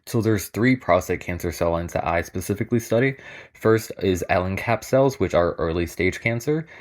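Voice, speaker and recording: Wry, deep-voiced young male scientist. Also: moderate pace. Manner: candid, wry, deadpan humor. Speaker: lab scientist presenting. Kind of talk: casual comedic presentation.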